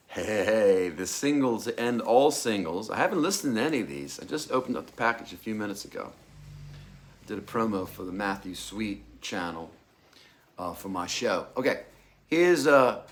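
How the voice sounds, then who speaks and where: A man with a somewhat low voice hosts his own music channel, talking straight to the camera. His delivery is loose and eager, full of "uh"s and restarts. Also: measured pace. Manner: chatty and excitable, with many fillers and restarts. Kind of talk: casual chat to camera.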